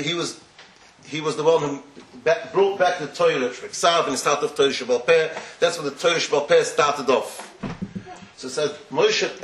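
A man's voice: a little high, a bit bright. A man teaching a Torah class, explaining in a digressive way and sprinkling his talk with Yiddish and Hebrew terms. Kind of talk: Torah lecture. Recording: echoey room.

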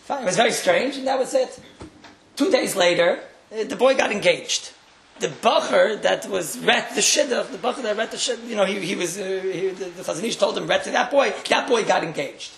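A man's voice: high voice, fairly quick, creaky, a bit bright. A man speaking as a rabbi, giving a religious talk as a wry storyteller who makes joking asides and repeats his phrases. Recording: roomy echo.

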